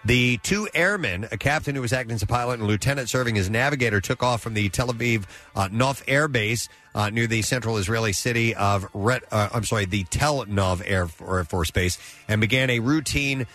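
A man's voice: mid-range voice, brisk, few pauses, fairly bright tone, soft background music. A man hosting a casual talk show, reading odd news stories aloud with frequent uh fillers and self-corrections. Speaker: news segment host.

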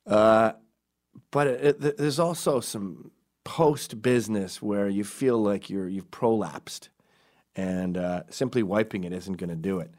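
Low-voiced man telling a crude comic story. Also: measured pace. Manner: deadpan crude storytelling with sudden quiet asides. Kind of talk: comic anecdote.

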